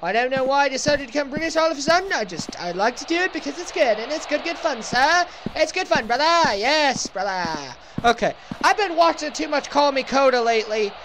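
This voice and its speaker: High-voiced sarcastic woman gamer. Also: lively intonation, quick pace, few pauses, noisy background. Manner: sarcastic, joking, talks to the game. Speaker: let's play gamer. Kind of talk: casual gameplay commentary.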